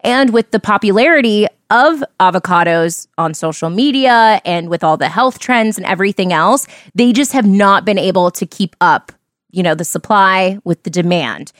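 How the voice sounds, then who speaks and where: A woman's voice: mid-range voice, animated, moderate pace, no room sound, studio quality. A woman hosting a podcast in casual chat, reading news stories aloud and joking with her co-host. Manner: chatty, reads quotes aloud and laughs easily.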